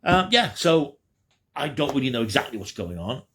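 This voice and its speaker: A man's voice: medium pitch, very animated, normal speed, fairly bright tone, slight background noise. A man giving a chatty, rambling, enthusiastic spoken review as a video host. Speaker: YouTube reviewer.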